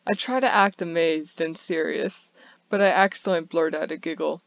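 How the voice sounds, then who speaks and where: A woman's voice: deep voice, steady tone, moderate pace, dry recording. A woman reading a first-person bedtime story aloud, with small stumbles and restarts, on a dull lo-fi recording.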